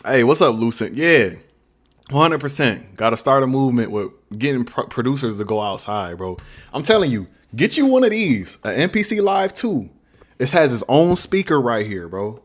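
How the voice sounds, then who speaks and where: A man's voice: mid-range voice, very animated, normal speed. A young man who makes beats, chatting casually in a livestream Q&A, slangy and rambling. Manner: laid-back, slangy, rambling. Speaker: beatmaker streamer. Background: faint beat playing.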